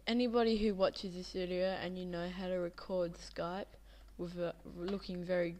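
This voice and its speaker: A woman's voice: lowish voice, darkish tone. A tired young woman rambling casually over a game she is playing, drowsy, with many fillers. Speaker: Minecraft video maker. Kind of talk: casual gameplay commentary.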